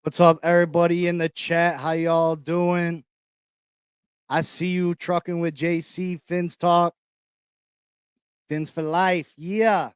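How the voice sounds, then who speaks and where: A man hosting a casual sports podcast, talking in hyped-up slang and shouting out people in the chat. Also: a little high, little pitch movement, takes it slowly, pauses often, clean tone, dry recording, clean studio sound. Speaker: podcast host. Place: New York.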